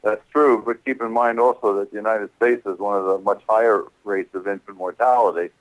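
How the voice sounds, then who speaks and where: A man speaking as a doctor guest in a radio interview, explaining in a measured way. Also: on the low side, fairly even intonation, highs cut off. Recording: radio broadcast sound.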